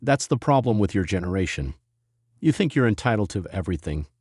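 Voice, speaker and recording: A man voicing an arrogant, gruff veteran male wrestler who lectures with a condescending tone. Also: lowish voice, very animated, a little fast, darkish tone, dry recording, clean studio sound.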